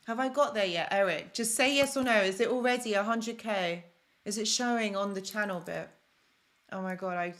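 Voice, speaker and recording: A woman hosting a live stream, talking casually and emphatically to her viewers. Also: medium pitch. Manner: emphatic and excitable, addressing viewers directly. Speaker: host of a live stream on toxic relationships.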